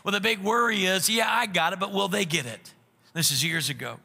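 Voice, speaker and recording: A man preaching a sermon as pastor, animated and acting out the voices he quotes, heard with long hall reverb. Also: high-pitched, brisk, vocal fry, husky.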